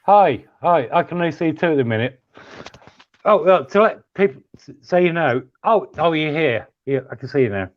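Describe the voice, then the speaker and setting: A man's voice: a little high, animated, normal speed, dull audio. A man chatting casually as a stream guest, friendly and stumbling, swearing now and then. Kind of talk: casual chat. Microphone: phone.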